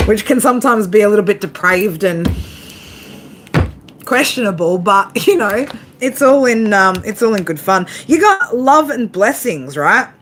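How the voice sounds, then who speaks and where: A woman's voice: mid-range voice, expressive, unhurried, a bit bright, a little hiss or hum. A woman giving a casual tarot reading to her viewers, swearing freely, laughing often and talking straight to them. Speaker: tarot reader.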